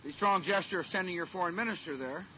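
A male politician answers questions from the podium in a halting, plain-spoken way. His voice sits a little high. The clip is dull and lo-fi, with a faint hiss underneath. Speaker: politician at a press conference. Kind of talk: press conference answers.

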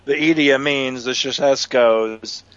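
A man's voice: medium pitch, fairly even intonation, a little slow, fairly bright tone, no echo. Guy co-hosting, laughs a lot, long run-on points, muffled lo-fi sound. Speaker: podcast co-host. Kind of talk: casual political banter.

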